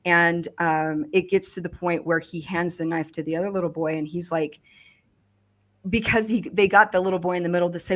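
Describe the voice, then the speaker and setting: A woman recounting a personal experience in conversation, speaking haltingly with frequent restarts and fillers. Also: fairly low pitch, fairly even intonation. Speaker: survivor giving testimony.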